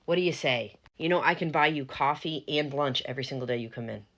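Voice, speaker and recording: A woman's voice: rumbling low, fast talker, fairly bright tone, heavily acted. A woman voicing a smug, entitled man who owns a wedding venue, pushy and patronizing in a falsely friendly way. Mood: condescending.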